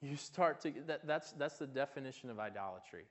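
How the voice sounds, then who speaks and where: A man's voice: medium pitch, expressive, a little fast. A man preaching a sermon in a conversational way, asking his listeners questions and often restarting his words. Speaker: pastor.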